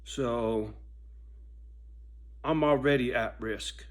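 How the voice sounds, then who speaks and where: A man in a profane casual monologue, swinging from a loud, preachy rant to low muttering. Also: drawn-out words. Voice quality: swears constantly, preachy and intense. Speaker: vlogger.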